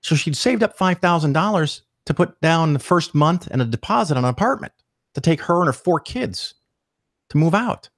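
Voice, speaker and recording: A man telling a story as a podcast guest, animated and profane, acting out the people he quotes. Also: fairly high pitch, moderate pace, no echo, clean studio sound. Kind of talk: casual storytelling interview.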